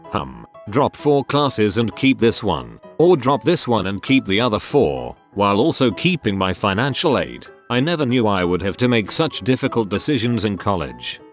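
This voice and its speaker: A man reading out online posts as a scripted narration, steady and dry. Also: lowish voice, normal speed, hardly any pauses, faint music behind.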